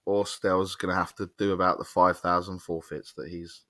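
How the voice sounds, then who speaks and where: A man's voice: deep voice, flat delivery, moderate pace, fairly bright tone, no echo, clean studio sound. A man with an English accent co-hosting a casual football fan show, teasing his co-host and getting worked up. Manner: teasing, bantering, gets worked up. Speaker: podcast co-host. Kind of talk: casual chat.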